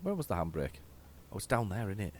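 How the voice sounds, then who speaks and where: A chatty man talks over his gameplay in a loose, rambling, self-deprecating way, his voice sitting fairly low. He speaks close into a desk microphone at home. A faint background hum runs under the recording. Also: sing-song, quick pace. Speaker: let's play host. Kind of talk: casual gameplay commentary.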